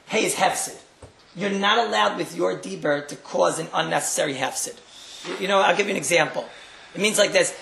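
Male rabbi, religious talk; gravelly, wry storyteller who repeats for effect; room echo. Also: high voice, fairly quick, bright, forceful tone, slight background noise. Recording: roomy echo.

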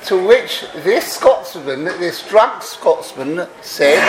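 A man telling a story to a gathering, animated and drawn out, laughing now and then. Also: high voice, takes it slowly, few pauses, roomy sound, background noise. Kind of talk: storytelling talk.

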